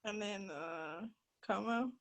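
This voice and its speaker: A female student answering on a video call, hesitant and soft-spoken. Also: mid-range voice, takes it slowly, background noise. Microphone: computer mic on a video call.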